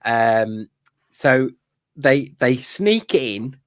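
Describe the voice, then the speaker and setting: A man's voice: mid-range voice, expressive, very slow, fairly bright tone, dry recording, studio quality. A man co-hosting a podcast, chatting in an enthusiastic, rambling way with lots of fillers and laughs. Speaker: podcast co-host. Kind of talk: casual fan review chat.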